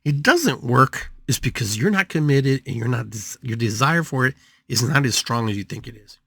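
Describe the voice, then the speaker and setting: An older man hosting a spiritual podcast, giving a motivational talk in an animated way, with sudden jumps in pitch and playful, drawn-out repetition of words. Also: creaky, husky, no room sound. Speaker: podcast host and spiritual healer.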